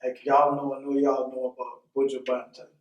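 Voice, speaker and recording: A man's voice: medium pitch, monotone, fairly quick, darkish tone, muffled recording. A man in a casual group discussion who makes his points by retelling jokes and cultural examples. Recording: echoey room, mic at a distance.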